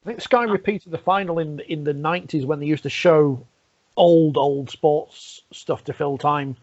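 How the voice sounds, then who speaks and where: A man's voice: fairly high pitch, moderate pace. A man hosting a podcast in casual chat, wry and teasing. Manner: wry, teasing, laughs between points. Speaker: podcast host. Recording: dull, lo-fi remote line.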